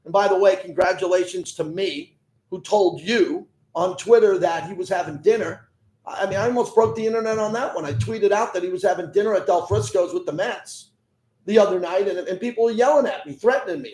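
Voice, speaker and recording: Combative high-voiced sports radio host. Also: male voice, fairly quick, a little mellow, reverberant, rough recording. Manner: combative, fires rhetorical questions. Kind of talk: sports talk radio, arguing with callers.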